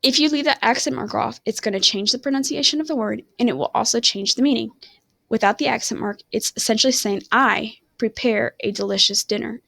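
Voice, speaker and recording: A Spanish teacher gives a recorded online lesson, rambling and often stopping to correct herself apologetically. Her brisk voice is on the high side, gravelly, and a bit bright. The recording is dry.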